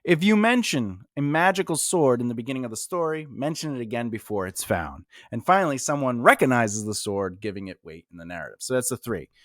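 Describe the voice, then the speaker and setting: A man with a mid-range voice teaches writing in a loose, meandering way, talking casually with fillers and restarts. He's animated and brisk with few pauses, and the recording is clean studio quality without echo.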